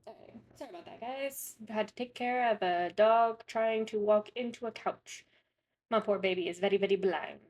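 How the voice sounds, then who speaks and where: A woman's voice: medium pitch, moderate pace, a little mellow. A young woman chatting casually through gameplay commentary, rambling and often correcting herself mid-sentence. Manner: rambling, chatty, frequent self-corrections and fillers. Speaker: gaming content creator.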